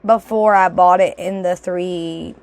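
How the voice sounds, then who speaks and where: Speaking slowly in a lowish, steady voice, a young adult woman chats casually in a vlog while showing products, rambling with filler words. Her voice is slightly off and throaty, with some throat clearing.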